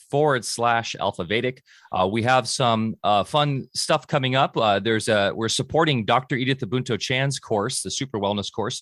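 A man's voice: medium pitch, fairly bright tone, no room sound, studio quality. A man hosting a podcast over a video call, talking casually with many ums and uhs. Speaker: podcast host.

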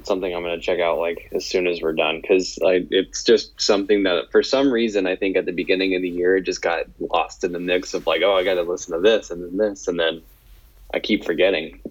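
A man co-hosting a casual podcast, relaxed and agreeable, with short replies. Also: deep voice, brisk, slightly rough, highs cut off. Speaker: podcast co-host.

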